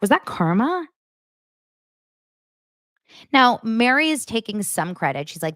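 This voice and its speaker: A woman hosting a podcast, recapping reality TV in a blunt, animated and profane way. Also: a little high, slow, no echo, studio quality. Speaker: podcast host.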